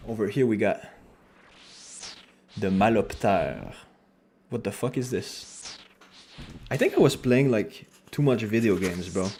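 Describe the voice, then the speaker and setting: Guy streaming, casual chat, swears a lot, kinda low voice. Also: unhurried, pauses often, a little hiss or hum. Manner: animated, joking, swears casually.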